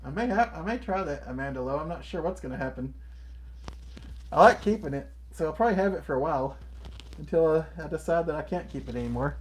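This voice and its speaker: A man's voice: on the high side, expressive, fast. Upbeat man greeting stream viewers. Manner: upbeat, reads out and answers viewer comments; enthusiastic, friendly greetings to viewers. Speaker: live stream co-host. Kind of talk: casual live stream chat.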